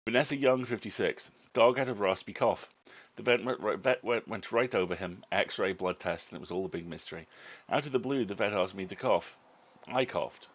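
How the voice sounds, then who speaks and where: A man chatting loosely as a livestream co-host, rambling along and dropping the odd swear. His voice sits on the low side. The sound is muffled and lo-fi. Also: moderate pace. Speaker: co-host reading stories on a livestream. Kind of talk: casual chat. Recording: dull lo-fi stream audio.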